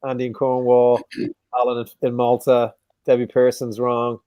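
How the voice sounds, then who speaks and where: A man hosting a casual live quiz, joking around and repeating each question slowly. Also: medium pitch, completely flat delivery, clean tone, no echo, dull audio. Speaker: quiz host.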